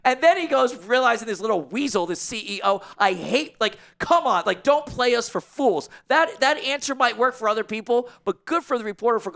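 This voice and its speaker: High-voiced man ranting animatedly. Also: brisk, creaky, hardly any pauses, fairly bright tone. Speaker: guest columnist. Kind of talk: casual sports talk.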